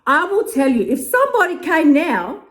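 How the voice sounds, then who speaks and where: A woman coach tells a story in a casual monologue. Her pitch sits fairly high and swings widely as she goes. She swears freely and laughs as she talks. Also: moderate pace. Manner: animated, swears often, laughs between lines. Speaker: weight loss coach.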